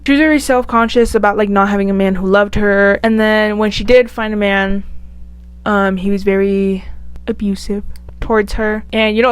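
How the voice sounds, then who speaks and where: A woman vlogger giving casual, chatty and animated commentary. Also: on the high side, smooth, no room sound. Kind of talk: casual tier-list commentary.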